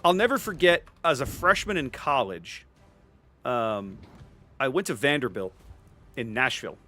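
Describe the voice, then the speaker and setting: Bright, lively Cajun-tinged streamer. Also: male voice, mid-range voice, a little slow, faint music behind. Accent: Cajun Louisiana. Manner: chatty, upbeat, greets chat often. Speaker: streamer host. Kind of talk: live gameplay commentary.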